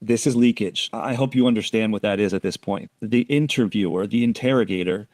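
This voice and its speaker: A male commentator who breaks down the footage with calm analysis. His voice sits on the low side. The sound is dry and close. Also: no room sound. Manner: measured, explanatory.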